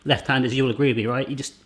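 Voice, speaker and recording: A man's voice: mid-range voice, fairly even intonation, quick pace, fairly bright tone. A man hosting a casual cooking demonstration in a home kitchen, chatty and jokey, with rambling asides. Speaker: cooking channel host.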